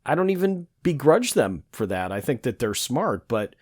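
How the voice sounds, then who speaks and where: A man's voice: medium pitch, big pitch swings, normal speed, a little mellow, dry recording, clean studio sound. A man in his fifties, a podcast host, chatting casually and thinking aloud in a reflective way. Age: 50s. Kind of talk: casual interview chat.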